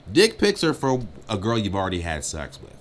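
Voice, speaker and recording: A man co-hosting a dating advice chat, joking and talking without a filter, swinging between loud bursts and muttered asides. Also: lowish voice, huge pitch swings, brisk, slight background noise. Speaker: co-host giving dating advice. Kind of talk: casual uncensored chat.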